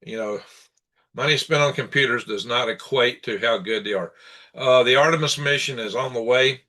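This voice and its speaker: A man's voice: medium pitch, normal speed, sharp tone. A man hosting his own live-stream show, chatting casually in an aggravated, rambling rant broken up by chuckles. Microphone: computer setup for live broadcast.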